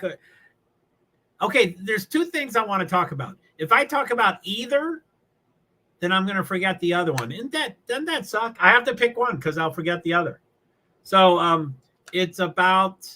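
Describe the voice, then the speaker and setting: Following a race live on stream, a man from New England rambles and laughs in easygoing commentary. He has a high-pitched, bright, forceful voice, heard through a rough recording.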